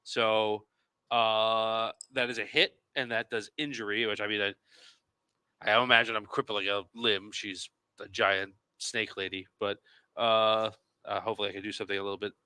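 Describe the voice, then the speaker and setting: A man taking his turn in a tabletop game, pausing and filling gaps while he works out his move. His voice is very bright and smooth, recorded close and dry. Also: fairly low pitch, little pitch movement, no room sound. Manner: hesitant, thinks aloud with fillers. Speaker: player. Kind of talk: casual tabletop game talk.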